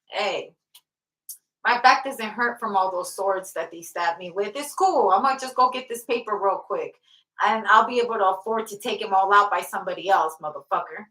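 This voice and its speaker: Here a tarot reader speaks at a moderate pace in a sharp, mid-range voice. She's casual, profane and blunt, and laughter keeps breaking through. The room echoes because she's off the mic.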